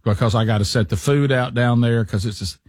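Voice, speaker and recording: A man's voice: mid-range voice, fairly quick, dry recording. Man telling a story. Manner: animated storyteller, acts out quotes. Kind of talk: casual storytelling chat.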